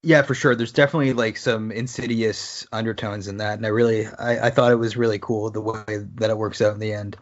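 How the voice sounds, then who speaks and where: A man's voice: fairly low pitch, steady tone, fairly quick, few pauses, highs cut off. Young man chatting casually on a podcast. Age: 20s. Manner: easygoing, shares trivia with small hesitations. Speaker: podcast co-host. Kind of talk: casual chat.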